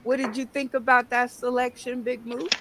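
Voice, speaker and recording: A host chatting casually on an online panel, upbeat and quick to laugh. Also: medium pitch, little pitch movement, noisy background. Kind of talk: casual chat. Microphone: video call.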